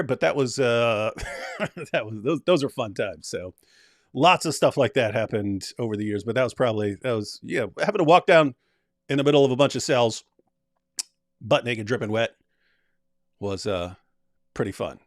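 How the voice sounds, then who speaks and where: A man's voice: mid-range voice, no room sound, clean studio sound. A man hosting a live stream, telling a story casually with frequent chuckles and restarts. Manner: rambling, chuckling, many restarts. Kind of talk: casual storytelling and reading comments.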